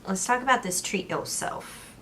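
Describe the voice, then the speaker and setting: A woman's voice: medium pitch, normal speed, fairly bright tone, slight background noise. A young woman co-hosting a casual personal finance vlog, chatting and walking through budget figures step by step. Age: young adult. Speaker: personal finance vlogger, co-host. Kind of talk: casual chat.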